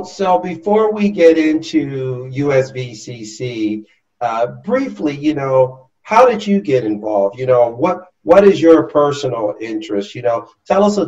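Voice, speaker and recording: A male interview host with a voice of middling pitch, effusive and repetitive, forever restarting his sentences. The audio is somewhat dull and lo-fi. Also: darkish tone. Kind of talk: interview hosting.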